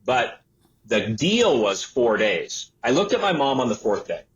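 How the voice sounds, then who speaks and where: An entrepreneur and author in his sixties tells his life story as an interview guest, animated and acting out the voices of people he quotes. His mid-range voice moves at a measured pace, and the sound is lo-fi.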